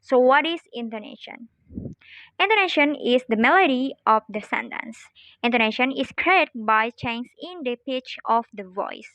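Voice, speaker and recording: A woman's voice: on the high side, animated, a bit bright, no echo. Young woman reading a phonetics lesson aloud. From Indonesia. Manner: careful, halting reading with small slips. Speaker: student presenter.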